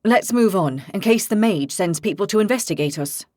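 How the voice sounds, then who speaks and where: A man's voice: high-pitched, animated, normal speed, a little mellow, dry recording, studio quality. A woman voicing an earnest, cautious, loyal young male ranger in an audiobook, near her own voice.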